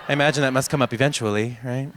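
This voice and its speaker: On a theater stage before a live audience, a man in his thirties performs stand-up into a handheld mic. His mid-range voice is sing-song and rapid-fire, with background noise audible.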